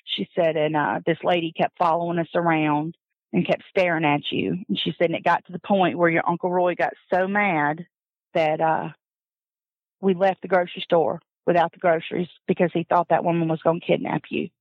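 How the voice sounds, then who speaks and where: A woman telling a personal family story in a casual, animated way, often laughing and acting out what others said. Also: on the low side, fairly quick, no echo. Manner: animated, laughs often, acts out quoted voices. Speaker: guest telling her adoption story. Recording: dull lo-fi dry recording.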